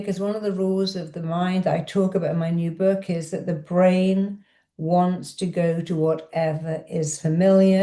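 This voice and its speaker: A woman leading a guided affirmation and hypnosis session, giving repetitive directive instructions that slow into a soothing countdown. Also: on the low side, mellow. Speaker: self-help speaker and hypnotherapist.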